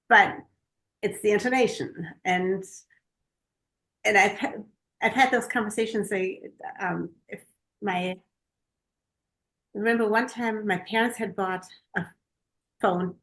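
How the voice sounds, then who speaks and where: A middle-aged woman from Germany co-hosting a podcast, telling anecdotes in a lively, casual way. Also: mid-range voice. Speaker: podcast co-host. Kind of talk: casual chat, storytelling.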